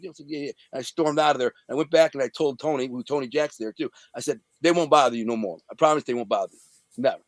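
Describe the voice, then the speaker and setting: A man's voice: a little high, quick pace, dry recording. Profane streetwise man telling stories. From Detroit area, USA. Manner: streetwise, profane, animated retelling. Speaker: interview guest. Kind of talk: casual storytelling.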